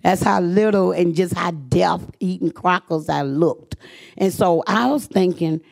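A middle-aged woman tells her life story to a room of listeners in a gravelly, creaky voice. She talks earnestly and slips into the voices of the people she quotes, her pitch climbing when feelings run high. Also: measured pace, a little mellow. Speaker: speaker sharing her recovery story. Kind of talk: personal testimony to an audience.

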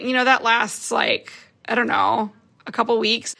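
A woman's voice: a little high, fairly even intonation, a little fast, gravelly, pushed and bright. A mother from Wisconsin talking casually and with amusement about her young sons' chicken business. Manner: chatty, amused, quotes her kids. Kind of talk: casual interview.

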